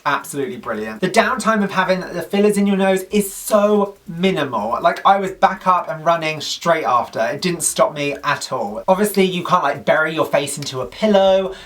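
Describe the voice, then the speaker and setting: A man's voice: a little high, fairly bright tone, recorded from a distance. A man vlogging to camera in a chatty, gushing, upbeat way. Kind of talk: casual talk to camera.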